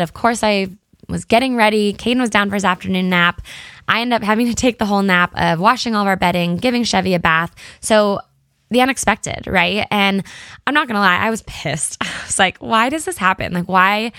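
A woman's voice: mid-range voice, a bit bright, dry recording, clean studio sound. A woman in her thirties, a podcast host and blogger, chatting candidly and casually with many fillers and quoted asides. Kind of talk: casual solo chat.

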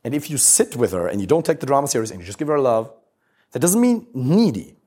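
Blunt, husky-voiced male coach. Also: medium pitch, quick pace. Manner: blunt, swears freely, lively emphatic delivery. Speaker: relationship coach. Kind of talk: talk to a live group.

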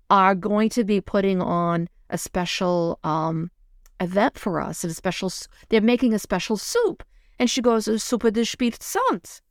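A woman's voice: medium pitch, no room sound, clean studio sound. A middle-aged woman co-hosting a casual chat, telling stories animatedly and getting emotional. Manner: animated storytelling, gets emotional. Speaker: co-host.

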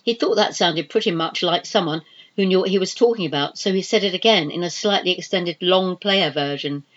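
A woman reading a novel aloud in expressive, measured scripted narration. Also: on the low side, lo-fi sound. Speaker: audiobook narrator.

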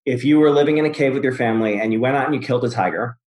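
A man's voice: medium pitch, very fast. Man therapist in a roomy echo. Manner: relaxed, explanatory, storytelling. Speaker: therapist, host. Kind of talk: casual conversation.

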